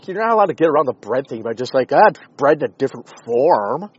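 Husky, sarcastic man rambling profanely. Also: medium pitch, sing-song, fast, dull audio. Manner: rambling, sarcastic, swears often. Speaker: podcast host. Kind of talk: profane comedic monologue.

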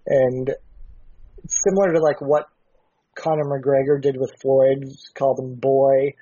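Mellow-voiced man telling a news story. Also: mid-range voice, unhurried, dry recording. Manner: relaxed storytelling with fillers. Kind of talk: casual chat. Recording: dry dull lo-fi sound.

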